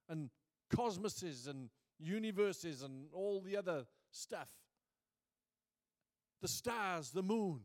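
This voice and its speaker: A man preaching a sermon, moving from quiet reflection to booming emphasis and reading scripture slowly. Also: lively intonation. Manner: reads scripture aloud slowly.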